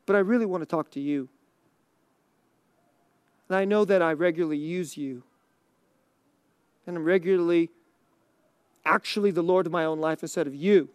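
A man preaching a conversational sermon, chuckling often and dropping to a near hush on key lines. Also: fairly high pitch, normal speed, pauses often, clear, resonant tone, no echo. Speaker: pastor.

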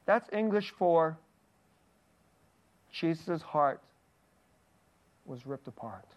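An earnest preacher delivering a sermon to a congregation, reading verses aloud and then unpacking them. The voice sits at a middling pitch and keeps sinking into a soft, hushed tone to stress a point. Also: lively intonation, drawn-out words, dull audio.

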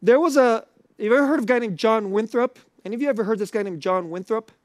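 A man's voice: high voice, quick pace, no room sound, clean studio sound. A man preaching a sermon to a live audience in a conversational, questioning way.

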